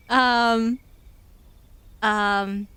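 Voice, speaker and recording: Giggly young woman streamer, slow and rambling. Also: a little high, sharp tone, clean tone. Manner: giggly, rambling, many fillers. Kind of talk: casual chat with chat.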